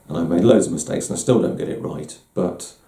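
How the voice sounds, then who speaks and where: A man's voice: deep voice, quick pace, creaky, mellow. A middle-aged man giving a candid, self-deprecating personal talk as host, often restarting his words. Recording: roomy echo.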